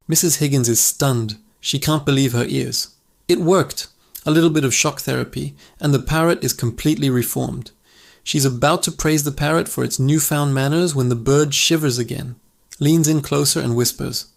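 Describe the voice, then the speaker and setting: A man narrating a scripted joke as the channel's host, in a lively storytelling manner. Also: medium pitch, normal speed, gravelly.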